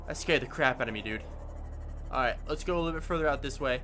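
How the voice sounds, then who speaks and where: A gaming YouTuber rambles through casual gameplay commentary, stammering into restarts and yelping in panic whenever he's startled. His voice is a little high, expressive, pushed and bright, and he talks fast. Game music plays behind him.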